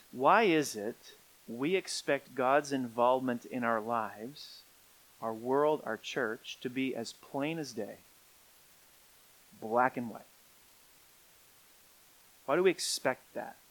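A middle-aged man preaching a sermon, swinging from quiet, low stretches up to emphatic peaks. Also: takes it slowly, long pauses, poor audio. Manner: rising to emphatic peaks, then dropping quiet. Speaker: pastor.

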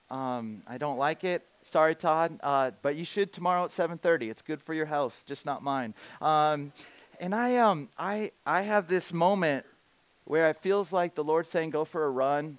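Male preacher, slightly high voice, storytelling sermon, animated and humorous, dry close sound. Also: no room sound. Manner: animated, humorous, with many restarts. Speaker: speaker at a church gathering.

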